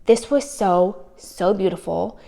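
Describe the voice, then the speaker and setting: A woman's voice: medium pitch, takes it slowly, vocal fry, warm tone. A woman casually gushing over her manicures in a show-and-tell vlog, chatty and trailing off mid-thought. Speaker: nail polish vlogger.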